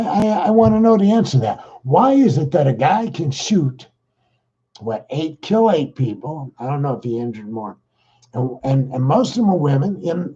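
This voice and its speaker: This podcast host has a warm, mid-range voice that's slightly rough, and the highs are cut off. He talks fast through a rambling political monologue, sounding exasperated.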